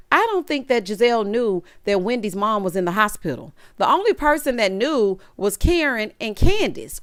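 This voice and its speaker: A woman's voice: fairly high pitch, fairly bright tone, smooth, dry recording, clean studio sound. A woman giving a sassy, opinionated recap of a reality show in casual chat. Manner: sassy, opinionated, talks straight to the cast. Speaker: recap vlogger.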